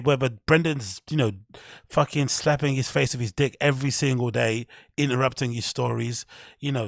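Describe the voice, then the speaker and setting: Gravelly-voiced man ranting on his podcast. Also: mid-range voice, no echo, studio quality. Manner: profane, heated, rambling. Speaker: podcast host. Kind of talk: casual commentary rant.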